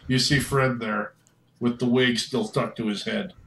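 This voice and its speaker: A man narrating as dungeon master in a tabletop game, animated and laughing often. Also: medium pitch, a little slow, gravelly, a little hiss or hum.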